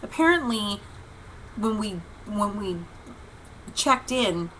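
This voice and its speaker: A woman's voice: mid-range voice, lively intonation, slow, fairly bright tone, slight background noise, rough recording. A woman hosting a casual devotional vlog, telling a long story in a chatty, rambling way with many fillers and restarts. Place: home livestream. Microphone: webcam or computer mic.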